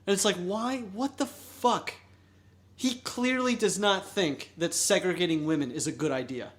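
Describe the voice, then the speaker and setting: A man's voice: high-pitched, moderate pace. A man who is a guest on a podcast, explaining things in an earnest, exasperated way during casual chat.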